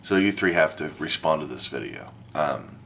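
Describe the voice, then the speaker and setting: A man with a very low voice chats to camera for his video blog. He rambles and restarts, laughing at himself. A faint rumble sits under the recording. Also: expressive, moderate pace, gravelly, fairly bright tone. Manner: rambling, self-deprecating, many fillers and restarts. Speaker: vlogger. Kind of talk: casual talk to camera.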